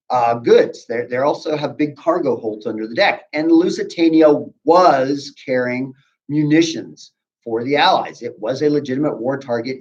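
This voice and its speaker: A man teaching a history class in a casual, conversational way, with asides to his students. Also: mid-range voice. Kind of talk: classroom lecture. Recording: dull lo-fi recording.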